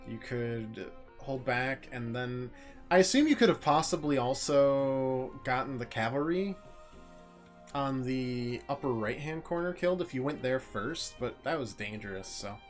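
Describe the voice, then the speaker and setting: A man's voice: mid-range voice, lively intonation. A let's play host, a man with a middling voice, rambling through casual game commentary and tossing out jokes. Game music plays faintly under his talk. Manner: rambling, joking, drawn-out asides.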